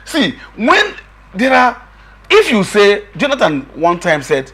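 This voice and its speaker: A middle-aged man with a husky voice, arguing emphatically as a guest in a political discussion, often repeating himself. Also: high voice, huge pitch swings, slow pace, pushed and bright. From Nigeria. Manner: emphatic, repeats himself, quotes others in raised voice.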